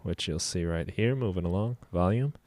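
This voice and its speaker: A man with a low voice talks a little slowly through a laid-back software tutorial, covering each knob on screen and saying um often. The recording has no echo, but loud synth and trumpet sounds blare in the background as he demonstrates instruments.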